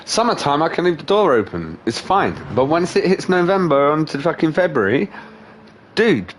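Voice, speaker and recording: A man's voice: a little high, big pitch swings, fairly quick, a little hiss or hum. A young man, a livestream host, telling stories in casual chat, laughing often and swearing freely. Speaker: streamer host.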